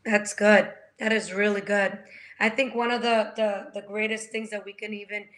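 A woman hosting a faith conversation, animated as she retells scripture stories. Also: medium pitch, normal speed. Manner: animated, retells scripture with acted quotes and laughs.

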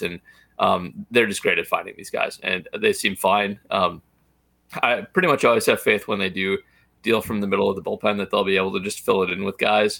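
A man's voice: on the low side, creaky, fairly bright tone, no room sound. A man co-hosting a casual baseball podcast, blunt and opinionated, with many fillers. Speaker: podcast co-host.

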